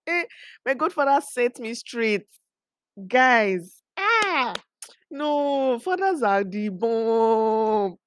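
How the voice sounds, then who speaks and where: A young woman, hosting a podcast and chatting casually, animated and laughing as she acts out quotes. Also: medium pitch, dry recording, clean studio sound. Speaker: podcast host. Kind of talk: casual storytelling chat.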